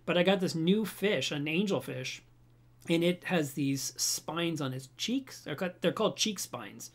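A man hosting a home livestream about reef aquariums, chatting casually to his webcam and telling stories in an animated way. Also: a little high, a little slow. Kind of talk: casual livestream chat, reading viewer comments.

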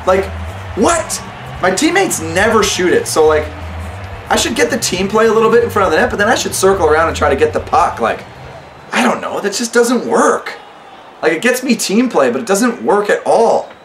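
A man's voice: high-pitched, sing-song, normal speed, a bit bright, reverberant, a little hiss or hum. A young man hosting a gaming channel, giving sarcastic let's-play commentary and talking back to an in-game coach.

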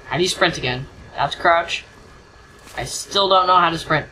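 Over slight background noise in a low-quality recording, this let's-play commentator keeps things casual and goofy, singing nonsense and poking fun at the game. The voice is mid-range, pushed and bright, at a moderate pace.

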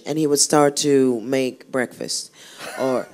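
A woman's voice: low-pitched, unhurried, darkish tone. A woman singer, a guest on an interview show, talking casually and telling a rambling story with many restarts. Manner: chatty, rambling storyteller who restarts often.

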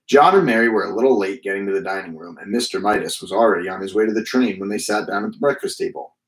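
Male reader, children's storybook narration, steady, roomy sound. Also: fairly low pitch, quick pace. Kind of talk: children's book read-aloud.

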